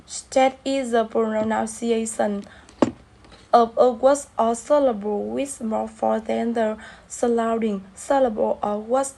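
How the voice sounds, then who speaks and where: Brief: young female student presenter, slightly high voice, slow, hesitant read-through. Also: fairly even intonation, creaky, mellow, a little hiss or hum, rough recording. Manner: slow, halting reading with restarts. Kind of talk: reading a class presentation.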